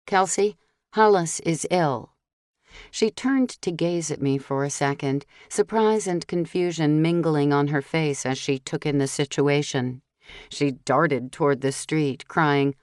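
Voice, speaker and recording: Low, slow-paced woman narrator. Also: darkish tone, dry recording, clean studio sound. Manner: measured, unhurried storytelling. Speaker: audiobook narrator. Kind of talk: scripted narration.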